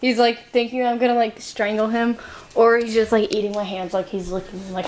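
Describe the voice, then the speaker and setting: A woman's voice: a little fast, a crowd in the background. A young woman filming a casual home video of her dog, giggling, cooing and scolding him. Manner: giggly, scolds and coos at her dog, goes shrill when excited. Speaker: dog owner vlogger. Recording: noisy home camera recording.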